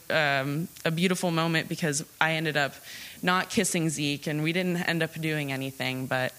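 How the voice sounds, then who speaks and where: A woman's voice: deep voice, fairly bright tone. A woman in her twenties telling a personal story live on a theatre stage, chatty and laughing often. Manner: chatty, laughing, lots of fillers.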